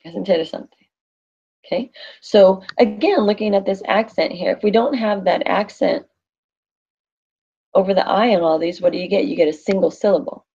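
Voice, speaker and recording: A woman's voice: mid-range voice, moderate pace, long pauses, mellow, breathy edge, lo-fi sound. A woman teaching a Spanish class in a classroom, thinking aloud and quizzing her students.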